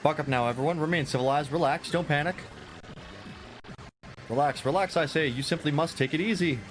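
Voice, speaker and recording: A man's voice: fairly high pitch, brisk, soft background music, voice pushed up, close to an everyday voice. A man voicing a flamboyant, pompous rich merchant who talks in grand, theatrical, formal phrases. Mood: fussy.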